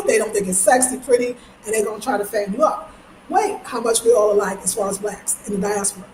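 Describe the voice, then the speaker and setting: A woman from New York, chatting casually in a vlog, slangy and animated, breaking into high mimicking voices. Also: moderate pace. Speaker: vlogger. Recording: echoey space with faint ambient noise.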